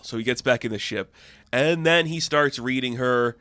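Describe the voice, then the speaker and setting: A man casually recapping a comic book issue, chatty and excitable, with lots of fillers and laughs. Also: mid-range voice, normal speed, dry recording.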